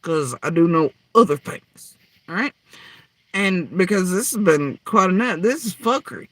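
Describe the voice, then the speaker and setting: A man delivering a heated, profane rant, swinging between loud outbursts and low muttering. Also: animated, unhurried, dry recording. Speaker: podcaster ranting.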